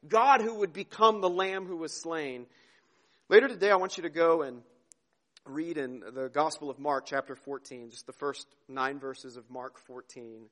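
An earnest male preacher with a fairly high voice. He swings between near-whispered tenderness and ringing emphasis, stumbling over and repeating words as the feeling carries him. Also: moderate pace, a bit bright. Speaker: pastor. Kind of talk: sermon.

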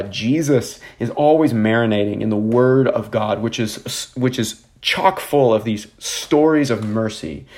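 A man's voice: medium pitch, darkish tone. A man preaching a sermon as a pastor, earnest and conversational, with frequent fillers and restarts.

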